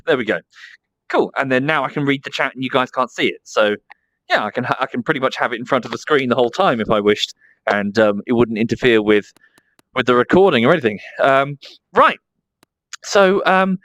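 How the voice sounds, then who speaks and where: A man with an Estuary English accent talks casually through a livestream, his pitch bouncing up and down as he reads chat and thanks subscribers. The sound is dry and close, with no room around it. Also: a bit bright, no echo. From south of England. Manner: chatty, fondly baby-talks to his dog between remarks.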